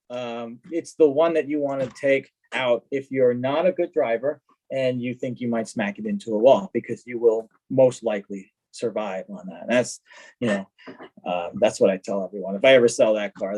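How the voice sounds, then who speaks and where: A man telling stories in a casual chat as a guest, lively, acting out what people said. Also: medium pitch, rough recording. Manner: animated, acts out quoted dialogue. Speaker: guest, car collector. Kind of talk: casual storytelling.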